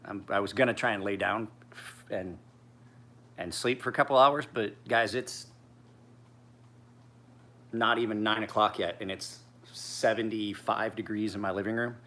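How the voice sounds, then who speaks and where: A man's voice: fairly low pitch, steady tone, unhurried, long pauses, pushed and bright. A man in his forties, tired, chatting casually as a knife sharpener in a rambling, profane, laid-back way. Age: 40s.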